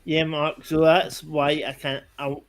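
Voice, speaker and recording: A man from Scotland with a Scottish accent, bantering excitably in a casual live-stream chat. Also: a little high, unhurried.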